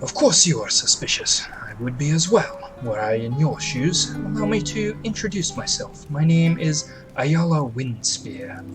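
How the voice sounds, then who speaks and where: A man voicing a composed female ranger who speaks in a calm, measured, formal way, over game music. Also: a little high, low-quality recording.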